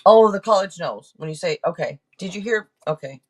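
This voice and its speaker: A woman's voice: on the low side, expressive, brisk. A woman hosting a tarot live stream, talking casually with viewers, thanking donors and restarting her sentences as she goes. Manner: chatty, thanks donors and checks in with chat, trails off and restarts. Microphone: camera mic.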